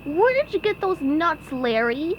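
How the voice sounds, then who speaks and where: A woman voicing an eager young male sea sponge detective from a cartoon storybook, squeaky and earnest. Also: sing-song, takes it slowly, a bit bright, muffled recording, a little hiss or hum, full character voice. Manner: squeaky and earnest, stammers when scared.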